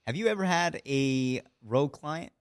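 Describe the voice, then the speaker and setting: A man's voice: a little high, animated, normal speed, clean tone, dry recording, clean studio sound. A man hosting a podcast interview, asking questions and chiming in with short agreements. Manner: brief agreeing interjections, laughs easily. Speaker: podcast host. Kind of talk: casual interview chat.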